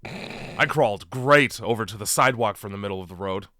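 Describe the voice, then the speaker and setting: A man's voice: on the low side, a little fast, pushed and bright, no echo, studio quality. A man co-hosting a casual movie-review podcast, profane and sarcastic, riffing on a bad film. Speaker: podcast co-host.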